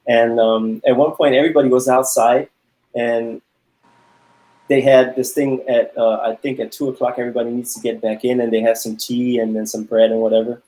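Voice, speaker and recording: A man tells a story among friends. His voice is mellow and dark. He halts often, repeats words and laughs between lines. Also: medium pitch, level tone, a little fast, rough recording. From Germany. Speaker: panel guest. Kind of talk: casual storytelling chat.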